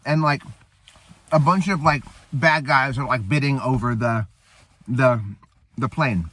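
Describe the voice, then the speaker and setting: Rambling, animated man recapping a movie. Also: mid-range voice, slow pace, long pauses. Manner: rambling, with fillers and profanity. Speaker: host.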